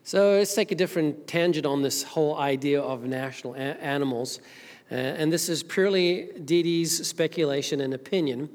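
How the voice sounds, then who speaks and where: A woman's voice: low-pitched, a little mellow. A woman from Zimbabwe preaching a casual, chatty sermon as senior minister, with joking asides to the congregation. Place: church sanctuary. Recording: long hall reverb.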